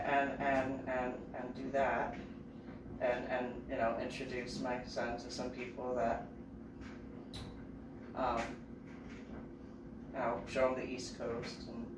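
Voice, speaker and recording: A woman from New Jersey telling a story casually to camera, lively as she acts out remembered dialogue. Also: very deep voice. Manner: animated, raising her voice to act out quoted dialogue. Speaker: vlogger. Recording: roomy, distant mic, noisy background.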